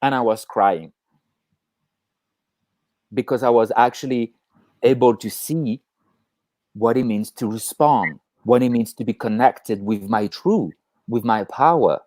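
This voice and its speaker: A man co-hosting a casual chat on a video call, talking in an animated way, swearing freely and acting out inner voices. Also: mid-range voice, measured pace, long pauses, no room sound. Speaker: podcast co-host.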